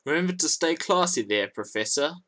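A man's voice: on the high side, animated, fairly quick, a bit bright. A man commenting on another creator's video with mocking sarcasm and frequent swearing. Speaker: YouTube commentator.

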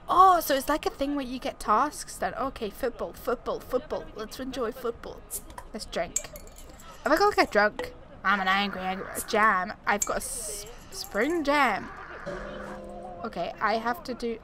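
Talking to herself and exclaiming during a let's-play, this chatty gaming YouTuber keeps up casual commentary while the game audio runs behind her. She speaks at a measured pace in a fairly bright, higher voice with lively intonation, through a desktop USB mic.

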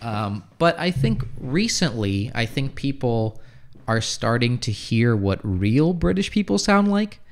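An easygoing young American man talks through viewer questions on a livestream, pausing and restarting as he thinks. His voice sits at an ordinary middle pitch, and he speaks loosely and conversationally. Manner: relaxed, reads comments aloud then answers with many fillers and restarts. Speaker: livestream host, English teacher. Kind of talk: casual livestream chat answering viewer comments.

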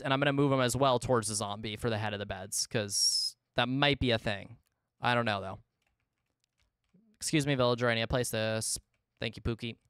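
A male streamer talking through his gameplay in casual live commentary, with a smooth, resonant voice at a middle pitch. He mutters to himself and to chat, then jumps into loud exasperated yelps. The sound is dry and close, with no room echo. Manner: talks to himself and chat, exasperated outbursts, swings between loud yelps and mumbling.

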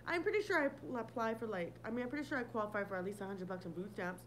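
A woman's voice: mid-range voice, racing, fairly bright tone, slight background noise, poor audio. A woman hosting a casual livestream, talking bluntly with lots of swearing and laughter while answering viewer comments. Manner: blunt, profane, laughing often. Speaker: livestream host.

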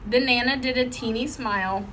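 A woman reading a children's chapter book aloud in a lively, expressive way. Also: fairly high pitch, moderate pace, slight background noise. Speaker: audiobook reader. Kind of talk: storybook read-aloud.

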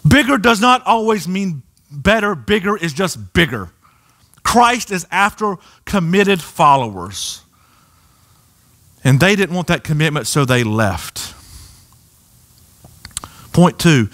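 Animated high-voiced man preaching. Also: slow, long pauses. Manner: animated preaching, acting out voices of crowds and Jesus. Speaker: pastor. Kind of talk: sermon. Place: church sanctuary.

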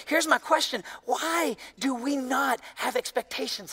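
A man preaching a sermon as pastor, emphatic and animated, often saying "man" and "y'all". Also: extremely high pitch, measured pace, hardly any pauses, slightly rough, in a large hall.

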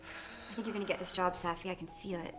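A woman's voice: lowish voice, fairly even intonation, fast, over music, close to an everyday voice. A woman playing an eager, caring companion who fusses over someone. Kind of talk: film dialogue.

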